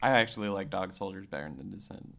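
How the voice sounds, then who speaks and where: A man with a somewhat low, bright and forceful voice co-hosts a casual podcast. He reads from notes, hesitates with fillers and gives short replies. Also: fast, creaky. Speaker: podcast co-host. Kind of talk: casual chat.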